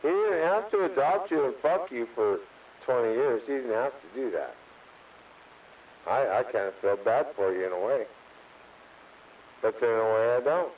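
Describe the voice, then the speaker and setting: A man's voice: medium pitch, lively intonation, normal speed, long pauses, distant mic. A man tosses out crude, laid-back remarks over a CB radio channel. He sounds set back from the mic and muffled, as though through a cheap speaker, with a faint hiss under it. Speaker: CB radio caller.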